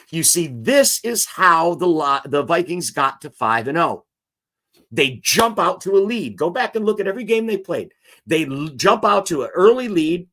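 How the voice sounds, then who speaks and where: A man's voice: fairly high pitch, a bit bright. A man hosting a live football show, talking casually and animatedly, and reading viewer comments aloud.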